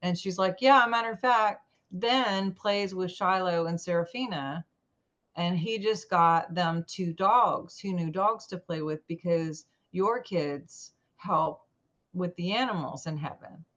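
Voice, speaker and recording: A woman tells a personal story as an interview guest, acting out quoted lines with lively jumps in her voice. Her voice sits a little low. The recording is dull and lo-fi. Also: slow pace. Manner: animated, acts out quoted dialogue.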